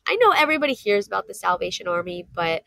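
Animated female storyteller, 30s, podcast guest; mid pitch, dry booth sound. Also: quick pace, creaky, no room sound. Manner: animated, acts out quotes with jumps in pitch. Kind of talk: casual storytelling in a podcast interview.

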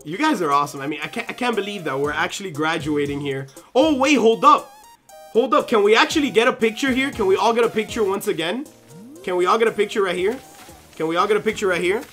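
Excitable young man streaming a game. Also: high voice. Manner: excitable, fidgety, keeps saying "yo" and "hold up". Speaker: gaming streamer. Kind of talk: casual live-stream chat while playing.

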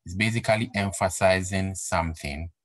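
A man's voice: sits low, moderate pace, a bit bright, no echo, low-quality recording. A man giving a recorded accounting lecture, repeating key points and asking rhetorical questions to stress them. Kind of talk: recorded exam-prep lecture.

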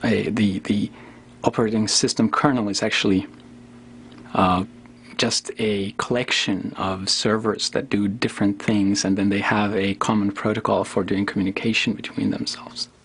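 A man from Finland talking in a relaxed, hesitant way in a documentary interview, with frequent ums and restarts. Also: on the low side, moderate pace, creaky, breathy edge. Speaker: interviewee, software developer.

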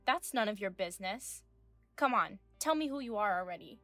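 A woman's voice: medium pitch, animated, normal speed, fairly bright tone, no echo, faint music behind. A woman in her thirties narrating as a wronged wife, speaking firmly and with indignation in a scripted audio drama. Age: 30s. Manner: firm, indignant questioning.

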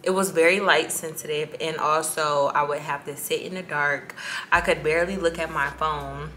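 A woman's voice: sits low, fairly even intonation, normal speed, bright, forceful tone, slight background noise. A young woman vlogging casually to camera, candid and chatty, laughing between lines and talking about feeling emotional and tired. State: emotional, on her period, tired. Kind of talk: casual vlog chat to camera.

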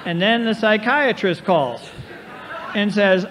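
A man's voice: high voice, a little slow, a bit bright. Wry older man in a big echoing hall. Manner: wry, self-mocking humor. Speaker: AA speaker. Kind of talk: storytelling speaker talk. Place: large convention hall. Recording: reverberant 1990s hall tape with faint hiss.

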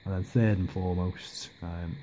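Male vlogger, mellow and low, hesitant, casual rambling delivery. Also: steady tone, moderate pace, slight background noise. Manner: hesitant, lots of ums and restarts. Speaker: miniature hobby vlogger.

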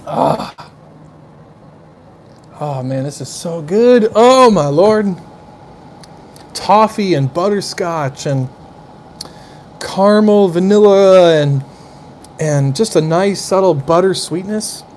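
A man hosts a casual live stream, gushing over what he tastes and chatting loosely with viewers. His voice is high-pitched and animated but slow, with frequent pauses and a darkish tone. He exclaims effusively over flavors and smells, wanders into chatty asides to his audience, and a faint hiss or hum sits under the recording.

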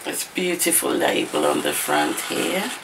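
Woman craft vlogger, gushing and exclaiming, lowish voice, noisy home camera recording. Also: unhurried. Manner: gushing, excitable, repeated exclamations. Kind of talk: unboxing vlog. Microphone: camera mic.

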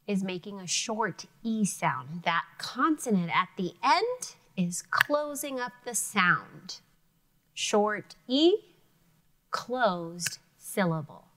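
A woman teacher giving an elementary phonics lesson, sounding out words carefully and clearly for young students. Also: mid-range voice, big pitch swings, slow pace, a bit bright.

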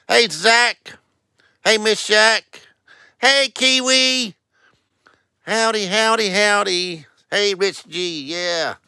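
A man's voice: high-pitched, steady tone, takes it slowly, sharp tone, clean tone, no echo, clean studio sound. A man hosting a casual live stream, greeting viewers one by one in a sing-song way and calling out scratch-ticket numbers. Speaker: livestream host.

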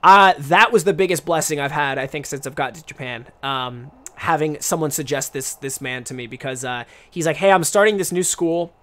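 A man's voice: on the high side, moderate pace, few pauses, fairly bright tone. A young man hosting a casual live-stream podcast, rambling and chatty with frequent restarts. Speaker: podcast host.

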